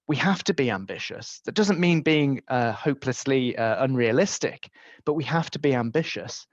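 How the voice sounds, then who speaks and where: Male webinar presenter, mid-pitched, chatty with filler words, dry and slightly muffled recording. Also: animated, normal speed, dry recording. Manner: conversational with frequent fillers.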